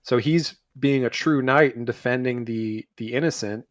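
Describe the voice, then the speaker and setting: A man in a casual podcast chat, eagerly retelling a show's scenes and slipping into quick character voices. His voice is mid-pitched and recorded dry, close to the mic with no room sound. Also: dry recording. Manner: animated retelling, acting out characters' lines. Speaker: podcast co-host. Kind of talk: casual show review chat.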